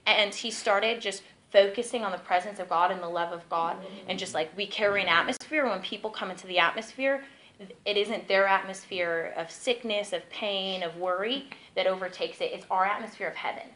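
A woman's voice: medium pitch, a little fast, a little hiss or hum, low-quality recording. A young woman giving a casual ministry teaching, telling stories in a chatty way full of "like". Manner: chatty, peppered with "like", lively storytelling.

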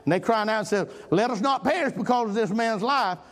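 A man preaching a folksy sermon, swinging from loud emphatic lines to low murmurs. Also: fairly quick.

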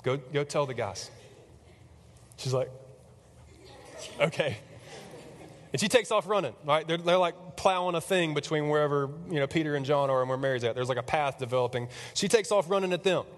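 A male preacher retells a story in a casual, animated way, chatty and full of fillers, slipping into voices for the people in it. His voice sits slightly high. A long reverb from a large hall trails behind his words. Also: fast, few pauses.

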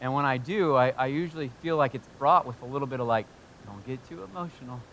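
A man preaching a sermon as pastor, swinging between hushed, intimate talk and loud, fervent exclamations, choked up with emotion at times. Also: medium pitch, fast, a little hiss or hum. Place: church in Ohio.

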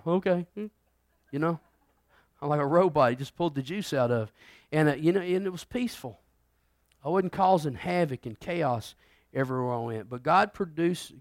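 Middle-aged male pastor, casual sermon, fairly high voice, dry close sound, big swings in volume. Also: no echo. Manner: conversational preaching, swings between loud emphasis and quiet.

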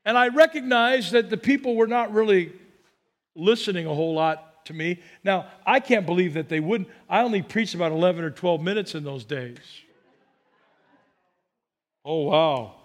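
Male pastor with a high voice, humorous storytelling sermon delivery with animated, chuckling asides. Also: moderate pace.

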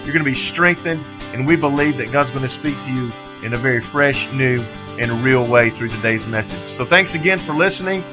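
Male pastor, podcast intro, steady welcoming read over plucked guitar. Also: medium pitch, brisk. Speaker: lead pastor. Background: guitar music.

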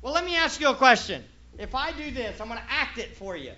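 A man preaching a sermon as pastor, emphatic, moving from hushed asides to shouted points. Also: very high voice, very animated, a little fast, muffled recording.

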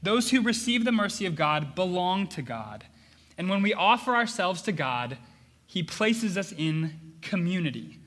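A man's voice: high-pitched, sing-song, a little slow, a bit bright. A man preaching a sermon as pastor, earnest and emphatic, often repeating phrases for stress. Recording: long hall reverb.

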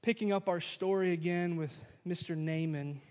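A man preaching a sermon, retelling a story in lively modern slang and acting out the characters as a pastor. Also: sits high, normal speed. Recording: long reverb of a large hall.

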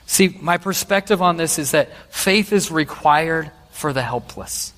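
A man's voice: fairly high pitch, lively intonation, measured pace, few pauses, fairly bright tone. A male pastor giving a sermon, talking earnestly and walking listeners through a scene. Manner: earnest storytelling preacher. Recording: long hall reverb.

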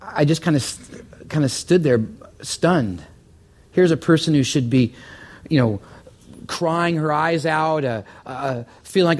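A man preaching a sermon as pastor, earnest, often repeating words and climbing higher when stirred. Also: normal speed.

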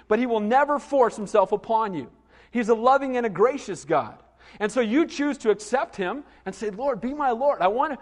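High-pitched middle-aged guy preaching, chatty storyteller, big echoey church sound. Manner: animated storytelling with asides to the congregation. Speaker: pastor. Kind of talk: sermon.

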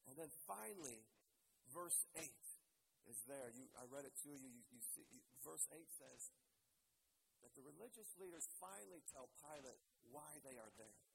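High-voiced man preaching with passion. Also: lively intonation, normal speed, vocal fry, noisy background. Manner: impassioned preaching that swings from loud emphasis to hushed tones; repeats key phrases for emphasis. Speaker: pastor. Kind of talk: sermon.

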